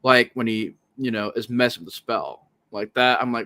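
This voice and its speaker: A man in a loose podcast conversation, with a voice of ordinary middle pitch. He rambles with lots of "like"s and restarts, sounding exasperated. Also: normal speed, sharp tone. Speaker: podcast co-host. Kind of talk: casual podcast chat.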